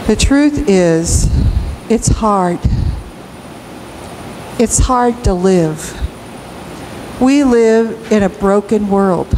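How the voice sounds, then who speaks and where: Woman, pastor, sermon, unhurried delivery, faint hiss behind. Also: medium pitch, animated. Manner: slow, emphatic preaching with rising cries. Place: church sanctuary.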